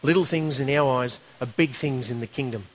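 A man preaching a sermon, telling a story in a conversational, animated way with asides. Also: medium pitch, fairly quick.

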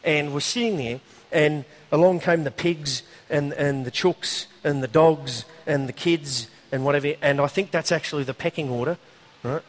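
Aussie or kiwi guy preaching, slightly high voice, telling a yarn with lots of asides. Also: normal speed. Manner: conversational, animated storyteller with asides. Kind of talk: sermon storytelling.

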